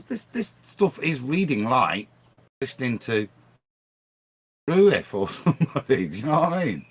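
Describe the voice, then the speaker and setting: Animated man arguing a point. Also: medium pitch, normal speed, slightly rough. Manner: animated, argumentative, restarts phrases. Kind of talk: casual livestream discussion.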